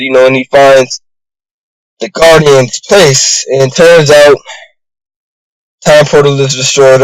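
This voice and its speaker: Man reviewer, slightly higher voice, loose and rambling show recap, dry close sound. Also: no echo, poor audio. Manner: rambling, heavy on fillers like "you know" and "bro". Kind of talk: casual episode recap.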